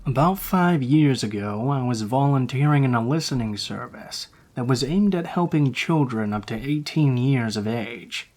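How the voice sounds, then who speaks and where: A man narrating true horror stories in a calm, low-key scripted reading. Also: normal speed, hardly any pauses.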